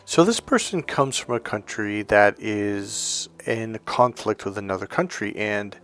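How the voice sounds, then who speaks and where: A man's voice: on the low side, animated, measured pace, fairly bright tone, faint music behind. A man coaching on relationships, talking candidly in a casual monologue and acting out what other people said to him.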